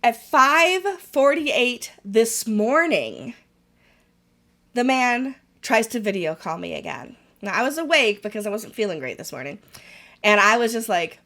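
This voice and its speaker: Woman podcast co-host, fairly high and very animated voice, wry and frank, acts out quotes. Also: unhurried. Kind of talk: casual podcast chat.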